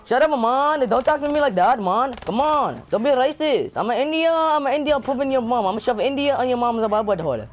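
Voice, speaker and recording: A man's voice: very high voice, lively intonation, a little fast, few pauses, slight background noise. A teenage boy gaming and joking around in rowdy, rambling banter over a headset mic. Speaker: gamer. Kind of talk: casual gameplay banter.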